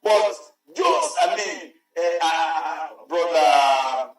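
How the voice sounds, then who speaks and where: Guy preaching real slow, highish voice, booming church echo, mic kinda far. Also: very animated. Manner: emphatic, repeats phrases, rises to shouts. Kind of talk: sermon. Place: large church hall. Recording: very echoey church hall, mic far off, faint music.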